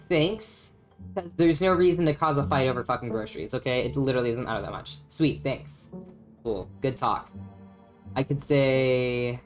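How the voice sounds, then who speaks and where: Low-voiced chatty woman streamer. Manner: chatty and profane, laughs often, talks to chat. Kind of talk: casual live-stream chat while playing a story game.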